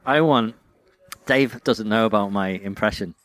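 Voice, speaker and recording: A man's voice: on the low side, unhurried. A man co-hosting a podcast in a pub, chatting casually, stumbling over words and laughing often. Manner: stammering, laughs a lot. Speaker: podcast co-host. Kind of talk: casual chat.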